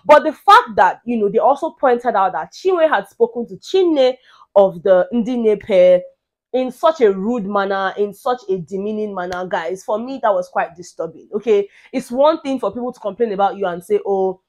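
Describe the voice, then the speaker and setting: A young Nigerian woman speaking English with Pidgin, animated as she recaps a reality show, dropping to hushed asides and then rising to loud exclaims. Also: mid-range voice, moderate pace. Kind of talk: casual commentary.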